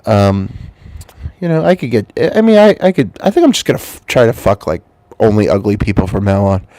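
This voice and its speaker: A man's voice: fairly low pitch, animated, brisk, no echo. A man with a cold hosting his channel, rambling through a crude comic monologue full of swearing, with a stuffy, congested voice. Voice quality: stuffy-nosed. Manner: loose, swearing, swings between mumbles and loud jumps. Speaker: channel host.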